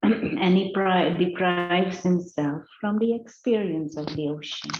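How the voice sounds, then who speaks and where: A woman meditation teacher giving a guided meditation talk, telling a story in a gentle, unhurried way. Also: lowish voice, a little hiss or hum. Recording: roomy, slightly dull recording.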